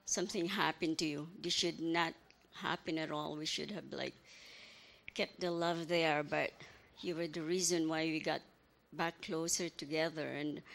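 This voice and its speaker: Older woman with a gravelly voice. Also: deep voice, fairly bright tone. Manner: halting, apologetic, tells little anecdotes. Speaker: grandmother giving a eulogy. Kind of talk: emotional memorial speech.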